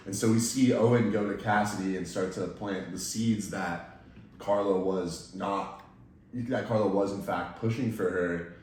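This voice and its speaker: A young man with a very low voice hosts a casual podcast chat, recounting events in a steady, detailed way. He sits some distance from the mic in a strongly echoing room, with faint noise behind him. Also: a little slow. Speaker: podcast host. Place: indoor room, in person with guests.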